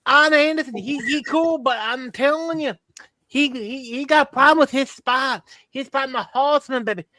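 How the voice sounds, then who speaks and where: A man's voice: very high-pitched, moderate pace, bright, forceful tone, no room sound. A man putting on a boastful, rambling old Southern wrestler on a podcast, with a put-on Texan drawl and calling everyone baby. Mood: swaggering. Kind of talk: comedic impression on a podcast.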